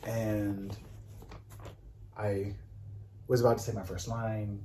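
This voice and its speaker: A man's voice: on the low side, little pitch movement, slow, long pauses, warm tone, echoey room, slight background noise, rough recording. A man casually recapping an acting class at home, rambling with many fillers and restarts. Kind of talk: casual storytelling chat. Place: home room.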